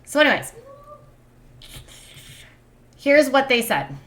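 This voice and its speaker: A woman's voice: high-pitched, very animated, slow, fairly bright tone. A woman hosting a livestream, chatting casually through celebrity gossip in a giddy way, with many fillers and asides.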